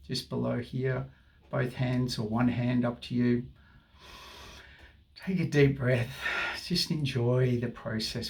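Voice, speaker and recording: Slow, gravelly man leading affirmations. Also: medium pitch. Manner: slow, repetitive affirmations for viewers to repeat. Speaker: tapping guide. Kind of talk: guided tapping session.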